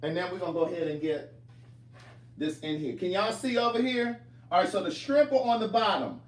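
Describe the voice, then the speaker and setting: A man's voice: high-pitched, expressive, brisk, roomy sound. A man hosting a casual cooking livestream from his home kitchen, chatting and teasing viewers as he reads their comments aloud.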